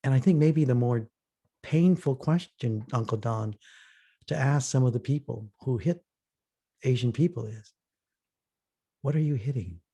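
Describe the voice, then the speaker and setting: A workshop facilitator shares stories with earnest reflection, acting out each quoted person. His voice is husky and warm, medium in pitch, and unhurried.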